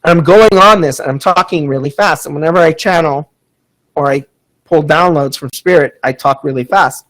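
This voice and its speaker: A man's voice: fairly high pitch, normal speed, a bit bright, poor audio. A man hosting a casual storytelling podcast, rambling and chatty with lots of fillers, reading out listener comments. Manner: reads out audience chat comments. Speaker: podcast host.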